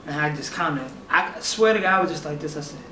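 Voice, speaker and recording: A young man casually telling a personal story, animated and acting out what others said. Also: on the high side, fast, slight background noise. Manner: animated, acts out other people's lines in quotes. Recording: echoey room, mic at a distance.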